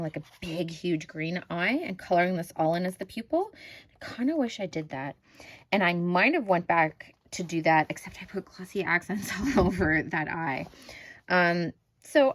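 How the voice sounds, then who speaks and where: A woman's voice: lowish voice, rough recording. A woman, likely in her thirties, casually chatting at home about her finished coloring pages, self-critical and full of fillers. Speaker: crafting channel host.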